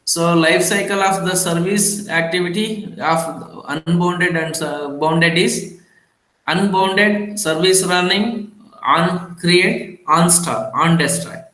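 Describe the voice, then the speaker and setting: Male lecturer from India, slow and halting with frequent fillers, bright tone, recorded in an echoey room. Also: sits high. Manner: halting, many fillers and restarts.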